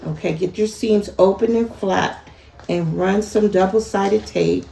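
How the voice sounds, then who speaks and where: Gravelly, chatty sewing tutorial woman. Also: mid-range voice, measured pace, warm tone. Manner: chatty, laughs at herself, talks to viewers. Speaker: sewing instructor. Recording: echoey room with faint ambient noise.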